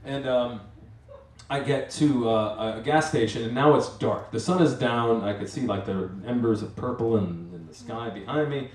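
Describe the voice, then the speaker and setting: A man's voice: medium pitch, normal speed, a little mellow. A man telling a rambling, self-mocking comic story on stage at a live storytelling event, acting out his own asides. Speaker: storyteller and master of ceremonies. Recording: roomy live venue, mic from far off.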